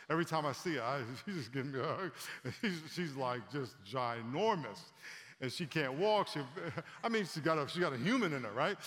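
A man in his fifties preaching a conversational sermon to a congregation, animated and storytelling, often repeating words as he talks. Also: mid-range voice. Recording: long hall reverb.

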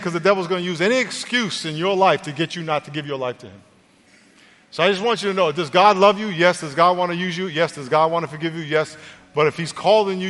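Earnest male pastor, slightly high voice. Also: a bit bright. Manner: earnest, conversational preaching. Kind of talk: sermon and altar call. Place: church auditorium. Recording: long church reverb, faint music.

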